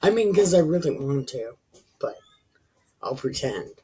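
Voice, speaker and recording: A woman hosting a Bible reading channel, reading scripture aloud slowly and breaking in with profane, sarcastic asides. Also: deep voice, expressive, dark tone, breathy edge.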